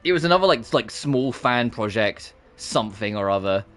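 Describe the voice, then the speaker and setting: A man's voice: mid-range voice, expressive, fairly quick, fairly bright tone, faint music behind. A man in his twenties from Britain with a faint British accent, rambling and swearing as a streamer in casual chat. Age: 20s.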